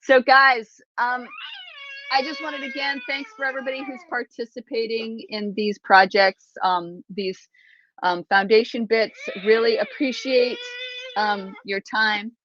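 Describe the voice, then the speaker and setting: A woman's voice: on the high side, steady tone, a little slow, dull audio, a little hiss or hum. A woman hosting a casual livestream chat from a small closet, rambling with lots of fillers and restarts. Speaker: livestream host.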